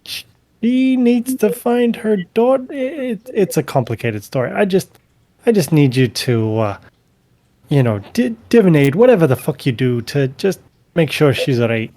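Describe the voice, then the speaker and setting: A man voicing a gruff, impatient woman who swears bluntly, in a tabletop game. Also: fairly high pitch, lively intonation, unhurried, warm tone, no room sound, pitched above the performer's own voice. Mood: flustered. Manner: brusque, cursing, flustered.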